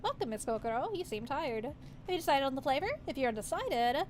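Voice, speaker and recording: A woman voicing a calm, polite young woman who runs a hookah lounge and speaks softly and courteously. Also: sits high, fast, slight background noise. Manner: soft, courteous, attentive.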